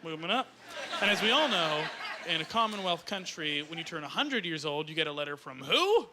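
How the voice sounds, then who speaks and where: A man performing an excitable, jokey stand-up comedy set on stage with a handheld mic, his voice rising to shouts. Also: a little high, fairly quick. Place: comedy stage before a live audience. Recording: loud live audience noise.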